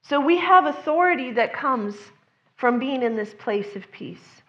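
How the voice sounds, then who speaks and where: A woman's voice: sits high, lively intonation, a little slow, highs cut off. A woman preaching a sermon in an earnest, conversational way, sometimes acting out the voices of the people she quotes.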